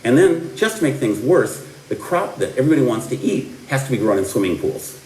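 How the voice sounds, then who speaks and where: This time the middle-aged Midwestern history lecturer speaks at a medium pitch, brisk and a bit mellow, his pitch swinging widely. He rambles, restarts, fills pauses, and slips in dry remarks, captured from a distance in a roomy lecture hall with slight background noise.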